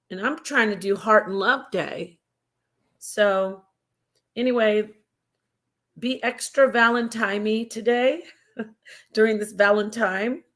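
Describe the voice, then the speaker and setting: A woman's voice: medium pitch, fairly bright tone. A woman hosting a casual live stream, chatty and digressive, talking to her viewers like family. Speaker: livestream host.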